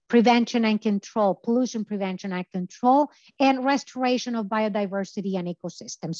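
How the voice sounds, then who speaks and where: A woman at a middle pitch presents lecture slides, explaining each point with frequent hesitations. Her voice sounds a little worn from a long day of talking. The sound is dry and slightly muffled. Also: dry recording. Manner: explanatory, many filler uhs. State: tired voice from talking all day. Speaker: guest lecturer.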